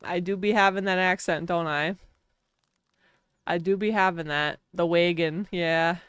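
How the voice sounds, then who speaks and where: A woman's voice: on the low side, fairly even intonation, unhurried, fairly bright tone, smooth, no room sound, studio quality. A woman with a Wisconsin accent chatting casually on a live game stream, laughing often and talking to her chat. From Wisconsin, US Midwest.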